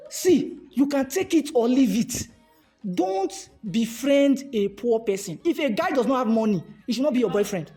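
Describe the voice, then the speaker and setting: Animated Nigerian man preaching success. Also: very high-pitched, moderate pace, soft background music. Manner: animated, repeats rhetorical questions, slips into pidgin. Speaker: motivational speaker. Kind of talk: motivational talk to a live audience.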